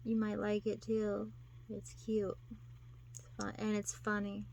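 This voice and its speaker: A woman's voice: mid-range voice, completely flat delivery, slow pace, gravelly, a little mellow. A woman talking casually to her viewers, rambling and giggling, acting out quotes in put-on voices. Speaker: vlogger. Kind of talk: casual monologue to camera.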